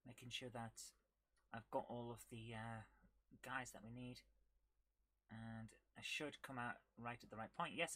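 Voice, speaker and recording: A woman hosting a casual retro gaming live stream, chatting with viewers and reacting excitedly while she plays. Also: a bass voice, no room sound. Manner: chatty, reads viewer comments aloud, bursts of excitement while playing.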